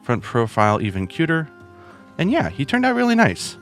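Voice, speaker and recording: A man's voice: a little high, wildly swooping pitch, moderate pace, fairly bright tone, soft background music. A man hosting a video and reviewing plush toys in a chatty, casual way, with lots of asides. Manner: chatty, with many fillers and asides.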